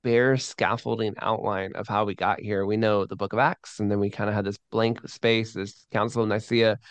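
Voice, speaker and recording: A man who is a podcast guest, talking eagerly with animated restarts about producing old sermons. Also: fairly low pitch, normal speed, clean tone, no room sound. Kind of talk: enthusiastic interview talk.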